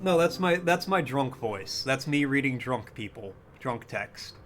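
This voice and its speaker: A man's voice: mid-range voice, expressive, unhurried, a bit bright, faint music behind. A man in his twenties streaming a game, casually chatting and thinking aloud with self-amused humor. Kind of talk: casual let's-play chat.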